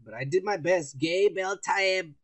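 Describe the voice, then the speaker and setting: A man's voice: sits high, measured pace, fairly bright tone. A young man co-hosting a casual podcast, profane and mocking as he reads out news stories. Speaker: podcast co-host. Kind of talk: casual drunk banter.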